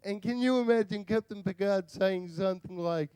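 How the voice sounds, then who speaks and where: An Australian man doing a stand-up comedy set, bantering with the crowd in a slow drawl. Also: high-pitched, darkish tone, smooth, no room sound. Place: live venue with audience.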